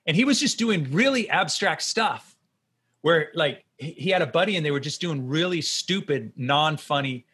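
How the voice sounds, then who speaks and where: A man's voice: on the high side, normal speed, breathy edge. A man hosting a podcast, rambling casually as he tells stories and asks questions. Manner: rambling, animated storytelling. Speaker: podcast host. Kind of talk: casual interview.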